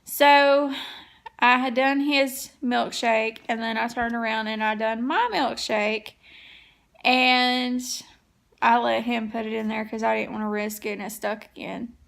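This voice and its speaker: A woman's voice: fairly high pitch, fairly even intonation, a little slow, gravelly, fairly bright tone. A woman, chatting to viewers in a casual home cleaning vlog and telling a story from her kitchen. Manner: chatty, tells stories to viewers. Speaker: vlogger.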